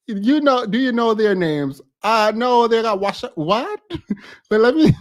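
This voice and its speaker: Brief: American male commentary host, high voice, hoarse from overuse, incredulous and laughing often. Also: animated, takes it slowly. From United States. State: losing his voice. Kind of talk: reaction commentary.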